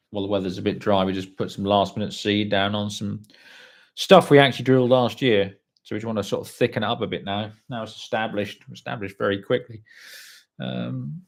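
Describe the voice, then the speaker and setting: A man's voice: mid-range voice, vocal fry. A man hosting a casual livestream, greeting viewers by name, swearing offhandedly, and sounding tired. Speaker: livestream host reading viewer comments. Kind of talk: casual live chat.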